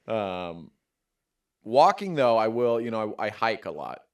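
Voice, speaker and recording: A man, a comedian, chatting casually on a podcast and telling stories with lively acted-out quotes. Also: lowish voice, unhurried. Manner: animated, acts out quotes with sudden loud outbursts. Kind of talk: casual storytelling chat.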